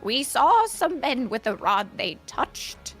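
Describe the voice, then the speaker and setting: A woman plays her character in a tabletop game, hesitant and restarting her phrases. Her voice is slightly high and moves around a lot in pitch. Faint music sits underneath. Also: sing-song, slow. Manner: hesitant, repeating words. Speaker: player. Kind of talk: tabletop role-play chat.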